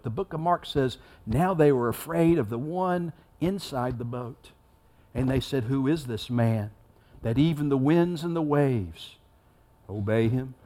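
A man giving a sermon as a pastor, preaching in a conversational way and acting out the story with rising intensity. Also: a little high.

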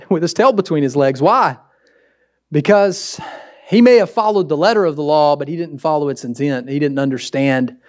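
A man preaching a sermon, talking straight to his listeners in an earnest, animated way. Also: a little high. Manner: earnest, direct, animated with sudden swings. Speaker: pastor.

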